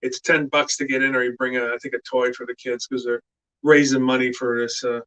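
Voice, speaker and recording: A middle-aged man telling stories in a casual chat, animated and loud when he acts out what others said. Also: mid-range voice, a little fast, smooth, low-quality recording. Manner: animated storyteller who shouts out quoted lines. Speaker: guest actor.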